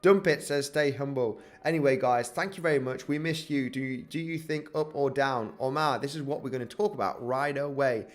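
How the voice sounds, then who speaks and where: A man's voice: medium pitch, normal speed, few pauses. Upbeat male crypto livestream host. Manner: upbeat, hypes the chart, greets chat viewers by name, says "guys" a lot; filler-heavy, many "you know" and restarts. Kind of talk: casual livestream chat.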